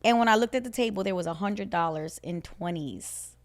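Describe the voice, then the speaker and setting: A woman's voice: medium pitch, brisk. A woman co-hosting a podcast, telling a personal story in casual chat, laughing often and acting out what she and others said. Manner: animated storyteller, laughs often, acts out her own quotes. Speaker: podcast co-host.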